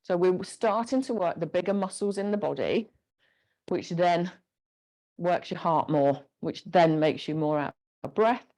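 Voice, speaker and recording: A woman instructor leading a gentle guided exercise class, encouraging and giving step-by-step movement cues. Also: on the low side, a little slow.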